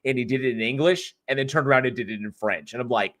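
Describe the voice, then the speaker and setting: A fast-talking man with a medium-pitched, fairly bright voice hosts a live online talk stage, greeting listeners as he goes. He's chatty and jokey, rambling casually with his audience.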